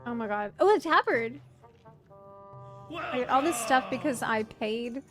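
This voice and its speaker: Excitable, high-voiced woman streamer. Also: unhurried, over music. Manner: excitable, chatty, swears casually, laughs often. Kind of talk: casual gameplay commentary.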